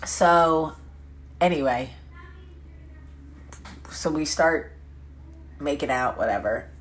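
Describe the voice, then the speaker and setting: A woman hosting a casual vlog chat, telling stories with quick asides and self-corrections. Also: low-pitched. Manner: chatty storytelling with quick asides; lively, laughing, self-correcting. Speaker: vlog host.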